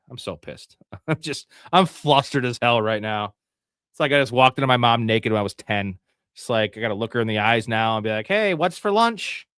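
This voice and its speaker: A man hosting a live fantasy football draft stream, cursing and venting as picks go against him. His voice is bright and tense, and it sometimes jumps into loud yells. The sound is dry and close, with almost no room around it. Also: mid-range voice, clear, resonant tone, no room sound. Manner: profane, frustrated, outbursts of yelling.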